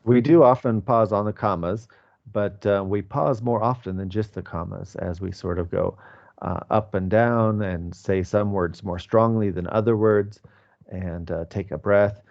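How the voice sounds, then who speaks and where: Male English teacher, 40s, low and patient, speaking over a muffled video call. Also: steady tone, measured pace, gravelly. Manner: patient, explanatory, many fillers. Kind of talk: online class teaching.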